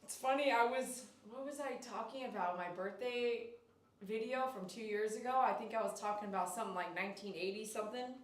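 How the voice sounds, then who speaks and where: A woman's voice: a little high, a little fast. A woman dog groomer hosting a casual livestream, cooing baby talk to a dog and reading viewer comments aloud. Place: grooming shop. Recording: echoey room, mic at a distance.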